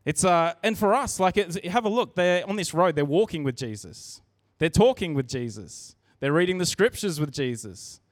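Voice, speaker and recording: A man's voice: fairly high pitch, animated, normal speed, dry recording, clean studio sound. A man preaching a sermon in church, earnest and conversational, often restarting his sentences.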